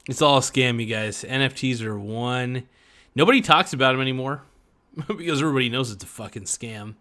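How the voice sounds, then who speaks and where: A man's voice: mid-range voice, a little fast, bright, forceful tone. A man hosting a podcast, ranting in profane, sarcastic commentary and mocking people in put-on voices. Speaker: podcast host.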